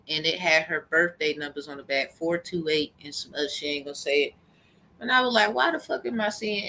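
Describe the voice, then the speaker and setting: A woman's voice: sits low, sharp tone, slight background noise. Heated, profane woman ranting. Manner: heated, profane, rambling storytelling. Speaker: vlogger. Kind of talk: angry personal rant.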